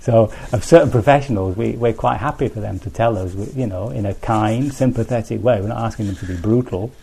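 A man with a low, mellow voice gives a relaxed dharma talk. He speaks conversationally, restarting phrases and checking in with his listeners. Faint noise sits under the recording. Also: brisk, creaky. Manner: conversational, thinks aloud with restarts and asides. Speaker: Buddhist teacher.

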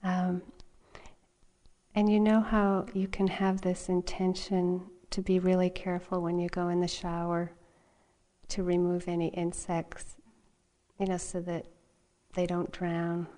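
A middle-aged woman who teaches meditation gives a dharma talk, softly and unhurriedly telling a personal story and laughing often. Her voice is fairly low, with a completely flat delivery.

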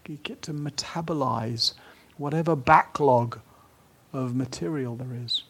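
A man giving a gentle, unhurried meditation talk at a retreat, now and then dropping to a soft whisper. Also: medium pitch, background noise. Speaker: meditation teacher.

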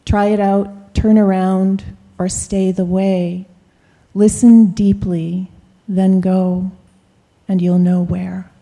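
A woman slowly reading a reflective nature poem aloud in a measured way. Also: medium pitch, little pitch movement, vocal fry, dark tone, big-room sound. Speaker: retreat participant.

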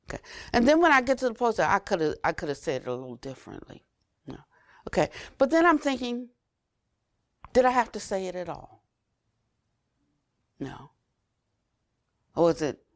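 An older woman giving an unhurried Buddhist dharma talk, repeating phrases for emphasis and trailing to a near whisper at phrase ends. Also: low voice, no echo, clean studio sound. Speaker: Buddhist teacher.

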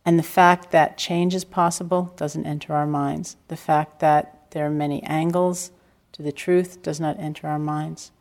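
Older woman, meditation teacher, lowish voice, calm reflective dharma talk, wry humor. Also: a little slow, hardly any pauses. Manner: calm, reflective storytelling with gentle self-deprecating humor. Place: retreat center hall.

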